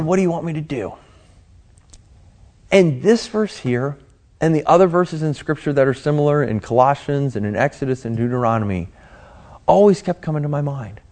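Earnest young male preacher, higher voice. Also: darkish tone. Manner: earnest storytelling, acts out his own thoughts with rising pitch. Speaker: pastor. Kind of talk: sermon.

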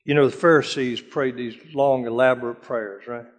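A man's voice: mid-range voice, fairly even intonation, moderate pace. Older man preaching in an echoing hall. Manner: dramatic storytelling, drops to a hush for prayers. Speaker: speaker telling war stories. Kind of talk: sermon-style testimony. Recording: long hall reverb.

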